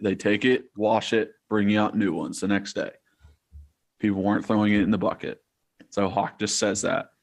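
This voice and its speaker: Storytelling young man podcaster. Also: on the low side. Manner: storytelling, animated, swears freely. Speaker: podcast co-host, former player. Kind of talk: casual chat.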